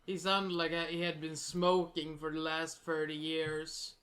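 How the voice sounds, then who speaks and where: A man's voice: a little high, completely flat delivery, unhurried, a bit bright. A man co-hosting a podcast, giving blunt, short replies in a casual movie chat. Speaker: podcast co-host.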